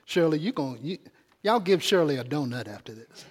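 Man, pastor's sermon, talks to the pews, fairly high voice, long hall reverb. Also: lively intonation, normal speed, a little mellow, slightly rough. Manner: conversational, calls out to the congregation. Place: church.

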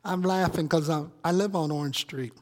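A man's voice: a little high, normal speed, a little mellow, big-room sound. A male pastor preaching a conversational sermon, teasing his congregation with questions and asides. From Chicago. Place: church sanctuary.

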